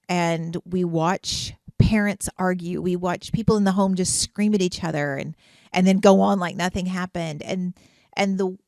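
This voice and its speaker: A middle-aged woman hosts her own advice podcast, speaking as a therapist in an earnest, conversational way. She piles up rhetorical questions and restarts her sentences mid-thought. Her voice sits at an ordinary pitch and is recorded dry and close. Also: darkish tone, no echo. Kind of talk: casual advice podcast monologue.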